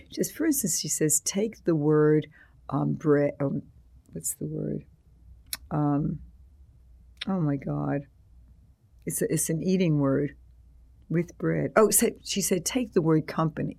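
Older man, gravelly, husky, rambling anecdotal storyteller, interview guest. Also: a little high, steady tone, moderate pace, mellow. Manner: rambling storyteller with restarts and acted-out quotes. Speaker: author and teacher being interviewed.

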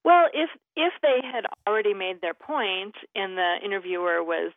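A woman's voice: medium pitch, moderate pace, no echo. Woman, grammar guest on a radio call-in, chatty, lots of "you know", tinny phone line, dry. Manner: chatty, many "you know" fillers, laughs easily. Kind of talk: explaining on a call-in radio show.

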